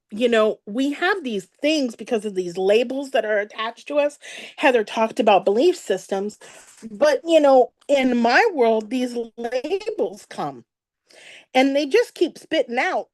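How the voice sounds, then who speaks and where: A woman speaker telling her own life story to an event audience, animated and emotional, laughing at times and with her voice sometimes breaking. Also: high voice, a little slow, no room sound, studio quality. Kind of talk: personal story told on stage.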